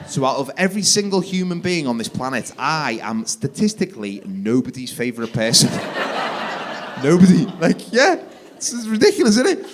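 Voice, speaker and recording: A man, doing live stand-up comedy on a theatre stage and leaping into loud shouted voices for his kids. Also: mid-range voice. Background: audience laughter.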